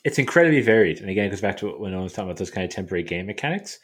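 Brief: Irish male co-host, husky, lively pitch, enthusiastic. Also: very fast. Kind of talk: casual chat.

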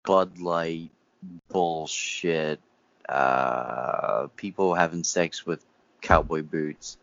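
Deep-voiced rambling man, dry lo-fi sound. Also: drawn-out words, fairly bright tone, dry recording. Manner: rambling with many fillers, dry humor. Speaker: podcast co-host. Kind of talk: casual chat.

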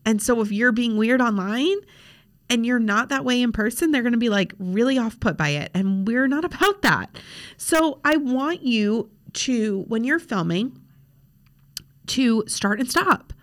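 Chatty young woman, frank and lively. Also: on the high side, a little slow. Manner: chatty, frank, many fillers. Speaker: social media coach and podcast host. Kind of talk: casual podcast talk. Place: home desk with laptop.

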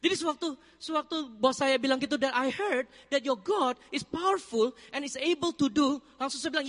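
A man with an Indonesian accent delivers a sermon testimony with a high voice, telling the story in an animated way and mixing Indonesian with English. His voice carries a long reverb, as if he is speaking in a large church hall. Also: brisk. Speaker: preacher.

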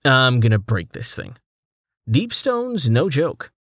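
A man's voice: mid-range voice, huge pitch swings, takes it slowly, a bit bright, no room sound, heavily acted. A male narrator voicing a wry young male adventurer with a dry, joking way of talking.

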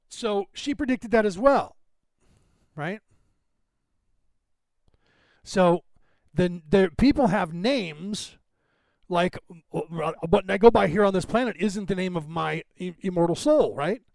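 A man's voice: high-pitched, expressive, slow, creaky, long pauses, darkish tone, dry recording. An American man hosting a podcast who rambles in casual commentary, with lots of fillers and restarts. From United States. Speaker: podcast host.

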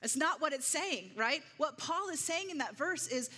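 A woman's voice: on the high side, expressive, normal speed, few pauses, pushed and bright. A woman preaching a conversational sermon to a congregation, often checking in with "right?". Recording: long hall reverb.

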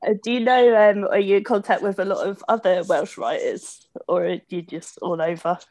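A woman's voice: mid-range voice, steady tone, moderate pace, a little mellow, no room sound, rough recording. Chatty Bedfordshire woman interviewer. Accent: Bedfordshire English. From Bedfordshire, England. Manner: chatty and upbeat. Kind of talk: casual interview chat.

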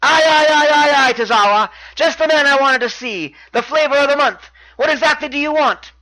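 A man voicing a shouty, sneering wrestling champ. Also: extremely high pitch, fairly quick, pitched above the performer's own voice, rough recording. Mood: mocking. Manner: shouting, mocking, condescending. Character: arrogant taunting male wrestling champion.

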